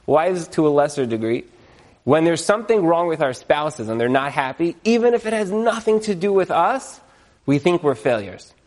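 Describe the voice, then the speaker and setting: A man explaining marriage advice in a loose, conversational teaching style. His voice sits a touch high, and he slips into little acted-out scenes with frequent chuckles. The delivery is animated and informal. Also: normal speed. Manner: animated, acts out quotes, chuckles often. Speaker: marriage educator. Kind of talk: casual teaching talk.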